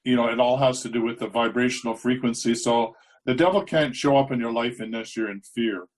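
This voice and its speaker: Male host, mid-pitched, relaxed and affirming, reflective talk. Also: a little fast. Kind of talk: casual interview conversation.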